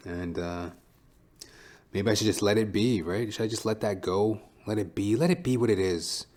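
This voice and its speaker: Guy doing a solo podcast, lowish voice, rambling and swearing, kinda thinking out loud. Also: moderate pace. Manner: rambling, profane, reflective. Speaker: podcast host. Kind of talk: casual solo podcast monologue.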